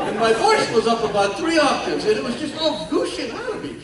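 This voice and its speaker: A man's voice: very high-pitched, huge pitch swings, fast talker, few pauses, crowd noise. An older man gives a speech as guest speaker, telling his story in a folksy way with self-mocking humor. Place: large hall at a ceremony. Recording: echoey hall from far off, faint noise.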